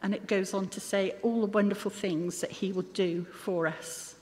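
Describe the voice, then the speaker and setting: A woman's voice: mid-range voice, fairly even intonation, normal speed, a little mellow. A woman preaching a sermon in an earnest manner, with occasional self-deprecating asides. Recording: long hall reverb.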